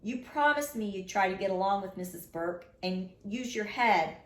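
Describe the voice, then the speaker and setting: A woman's voice: medium pitch, expressive, normal speed, close to an everyday voice. A woman reading aloud, voicing a tired middle-aged father who lectures his son seriously. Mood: stern. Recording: roomy echo.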